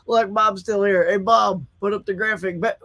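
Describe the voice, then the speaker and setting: A man's voice: sits high, steady tone, moderate pace, fairly bright tone. A middle-aged man from Colorado, hosting a casual live stream and chatting with viewers, often laughing. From Colorado, USA.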